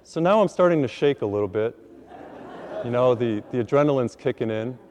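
A male priest tells a story from the pulpit in a mid-pitched voice, animated and poking fun at himself as he acts out his own lines. The sound hangs in a long reverb. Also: fairly quick, slight background noise. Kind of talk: storytelling sermon.

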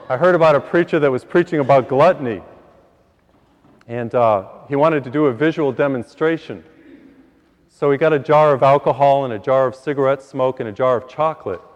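A man's voice: mid-range voice, a little mellow. A man preaching in a church, telling folksy jokes and stories to his congregation. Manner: folksy storytelling with laughs. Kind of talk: joke-telling sermon. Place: church hall. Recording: dull sound in a reverberant church.

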